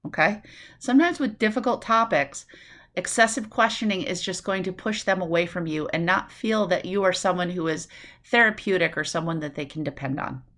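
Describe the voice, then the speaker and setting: A woman from New City, giving a recorded nursing lecture in a lively way, acting out quick voices and asides. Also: lowish voice. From New York City. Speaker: nursing instructor.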